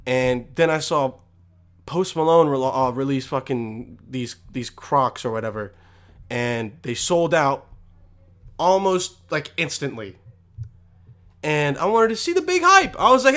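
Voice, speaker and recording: A man's voice: fairly high pitch, animated, a little slow, fairly bright tone. A young man ranting to camera with constant swearing, rambling and mock exasperation. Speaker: vlogger. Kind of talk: profane comedic rant.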